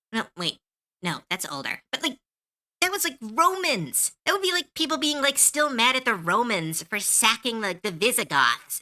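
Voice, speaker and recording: A woman streamer chats casually while drawing, ranting heatedly and swearing freely. Her high-pitched voice sounds pushed and bright, picked up close on a desk mic with no room sound and clean studio quality.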